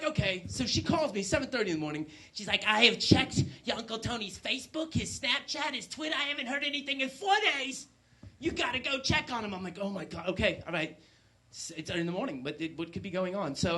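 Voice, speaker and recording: A man doing a stand-up comedy set on stage, animated, with loud bursts and low asides. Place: stage before a live audience.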